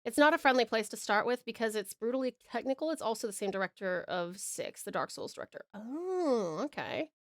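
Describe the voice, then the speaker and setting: A woman's voice: a little high, animated, brisk, few pauses, no echo, studio quality. A young Australian woman streaming while she draws, reading chat aloud and chatting in a bubbly, giggly way. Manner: bubbly, giggly, greets viewers with pet names.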